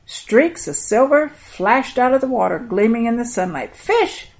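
A woman hosting a children's program, reading a Bible story aloud in a gentle, expressive way and speaking directly to the young listeners. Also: a little high, normal speed, low-quality recording. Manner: gentle, expressive reading with an affectionate sign-off to kids.

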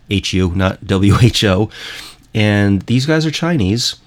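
A man's voice: fairly low pitch, sing-song, normal speed, creaky. A man hosting a show, talking in a rambling, emphatic way and repeating himself as he introduces music clips. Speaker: host. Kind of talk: casual monologue playing music clips.

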